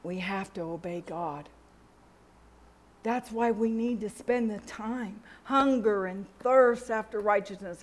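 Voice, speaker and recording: A middle-aged woman delivers a sermon, her voice sitting a little high. She tells personal stories and acts out the lines of the people in them. Her preaching moves easily between teaching and testimony. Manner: storytelling, acts out dialogue with God and others.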